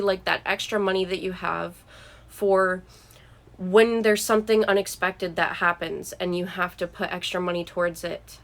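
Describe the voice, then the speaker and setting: A young woman vlogger talking earnestly and encouragingly to camera about money habits, with frequent "like" and "um". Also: medium pitch. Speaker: vlogger giving money advice. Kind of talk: casual talk to camera.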